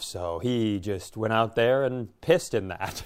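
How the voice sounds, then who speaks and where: Middle-aged man, podcast co-host, smooth clear voice, loose rambling storytelling, casual chat. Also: lowish voice, slow pace. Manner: rambling storyteller, animated, swearing.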